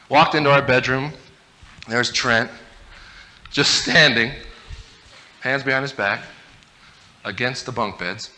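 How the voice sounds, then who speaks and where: A man giving a humorous storytelling talk from a stage, animated and laughing through his stories. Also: mid-range voice, takes it slowly, long pauses. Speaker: motivational speaker. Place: stage before a live audience.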